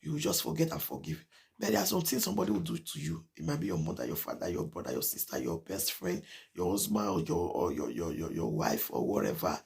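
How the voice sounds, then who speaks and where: A woman with a Nigerian accent talks straight to her viewers in a casual vlog. Her voice has a gravelly, creaky edge. She drives each point home by saying it again and again, moving between Pidgin and English. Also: rumbling low, sing-song, fast, darkish tone. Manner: emphatic and repetitive, mixing Pidgin with English. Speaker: vlogger. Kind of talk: casual talk to camera.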